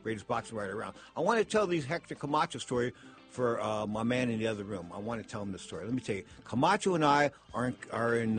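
An older man hosting a boxing talk radio show, telling rambling stories in an excitable way and repeating stock phrases. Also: mid-range voice. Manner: fast, excitable, repeats "of course" and "straight up".

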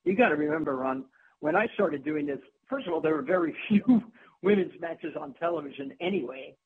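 Woman guest telling animated broadcasting stories, laughs a lot, thin phone-line sound with a faint hum. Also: sits low, brisk. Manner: lively, laughs often, restarts a lot. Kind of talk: anecdotal interview storytelling.

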